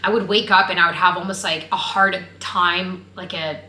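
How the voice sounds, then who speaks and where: Young woman vlogger, nervous and chatty. Bright, slightly low voice in a reverberant room. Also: fairly even intonation, normal speed, slight background noise. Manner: nervous, open, heavy use of "like". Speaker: vlogger and actress. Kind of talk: casual chat to camera. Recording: roomy echo.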